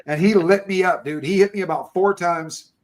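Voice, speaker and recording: A man's voice: high-pitched, normal speed. A middle-aged man telling stories in loose, casual chat, swearing and calling people dude and bro.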